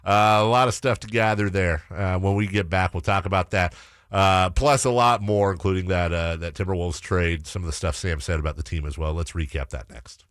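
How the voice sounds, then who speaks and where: Deep-voiced guy hosting sports talk radio, joking around easy with a guest, dry studio sound. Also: fairly even intonation, brisk, a bit bright, no echo. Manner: easygoing, teasing banter with a guest. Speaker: radio sports show host. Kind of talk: casual sports radio chat.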